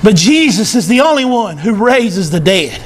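High-voiced male pastor preaching emphatically. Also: very animated, moderate pace. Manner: emphatic, repeating short phrases, rising to shouts. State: teary, emotional. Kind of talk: sermon. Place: church.

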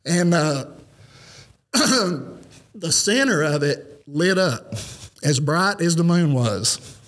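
A man's voice: fairly high pitch, lively intonation, very slow, fairly bright tone. A man, telling a personal story as a podcast guest in a rambling, earnest way. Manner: rambling, earnest, lots of "you know" fillers. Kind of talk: casual storytelling.

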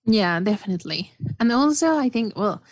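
A woman's voice: mid-range voice, expressive, moderate pace, husky, dry recording. A woman guest chatting casually about a film, enthusiastic and rambling with many fillers. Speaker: podcast guest.

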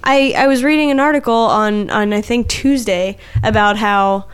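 Woman podcast co-host, smooth clear voice, profane exasperated ranting. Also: medium pitch, fairly even intonation, moderate pace. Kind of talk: casual chat.

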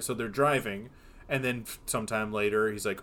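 A man's voice: lowish voice, a little fast, fairly bright tone. A man co-hosting a film podcast, casually retelling movie scenes in a rambling way, full of fillers. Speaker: podcast co-host.

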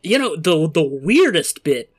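A game master narrating an improvised comedy tabletop scene, laughing often between quick asides. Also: medium pitch, very animated, crowd noise.

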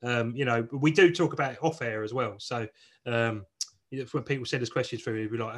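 A man hosts a relaxed podcast chat. His voice sits in an ordinary middle register, and he talks loosely, with plenty of fillers and restarts. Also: mid-range voice, a little fast. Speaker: podcast host. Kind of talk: casual chat.

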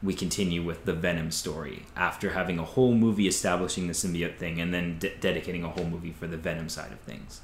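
A man's voice: sits low, fairly even intonation, quick pace, hardly any pauses. A man co-hosting a podcast, chatting casually about films and thinking aloud with lots of fillers. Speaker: podcast co-host. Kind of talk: casual film discussion. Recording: echoey room, faint noise.

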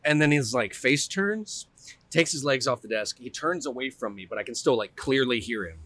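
Speaking at a moderate pace, this podcast co-host has a mid-range, animated, slightly bright voice. He laughs a lot as he tells a story casually and performs the voices of its characters.

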